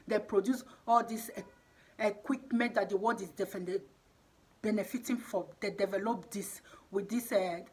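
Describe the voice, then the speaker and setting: Woman, breathy voice, impassioned monologue, repetitive and exhorting. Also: medium pitch. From Nigeria. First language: Edo.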